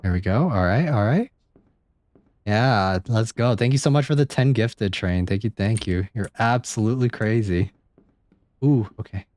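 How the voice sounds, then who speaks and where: A man streaming a horror game live, reacting out loud, swearing and chatting to viewers. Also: lowish voice, moderate pace, no room sound. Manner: jumpy, swears often, chats to viewers. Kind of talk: live gameplay commentary.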